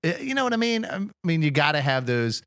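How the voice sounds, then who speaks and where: A middle-aged man co-hosting a podcast, talking in a rambling, halting way full of fillers. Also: fairly high pitch, big pitch swings, a bit bright, no room sound, clean studio sound. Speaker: podcast co-host. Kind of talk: casual podcast chat.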